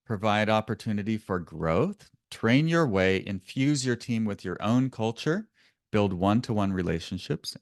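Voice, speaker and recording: A man's voice: lowish voice, no room sound, clean studio sound. A man presenting a business webinar in a conversational way, often correcting himself and chuckling now and then.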